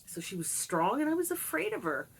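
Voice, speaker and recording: A woman's voice: sits high, big pitch swings, fairly quick, creaky, slightly rough. A middle-aged woman talking candidly to camera about her childhood and her pets, reflective and confiding. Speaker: vlogger. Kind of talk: candid personal monologue.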